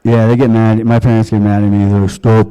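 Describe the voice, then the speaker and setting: A man's voice: lowish voice, level tone, fast, mellow, smooth, poor audio. A man from Long Island doing a stand-up comedy set in a comedy club, crude and offhand. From Long Island, USA.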